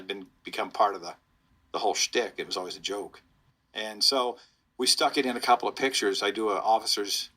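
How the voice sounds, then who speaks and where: Husky, forceful middle-aged police storyteller. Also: male voice, medium pitch. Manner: rambling, chuckling storyteller. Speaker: police officer, public information officer. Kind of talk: anecdotal storytelling in an interview.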